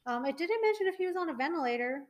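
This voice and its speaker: Young woman, high voice, rambly podcast cohost, lots of ums and likes. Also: lively intonation, racing, a little hiss or hum, low-quality recording. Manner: chatty, many fillers and trailing restarts. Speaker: podcast co-host. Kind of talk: casual chat.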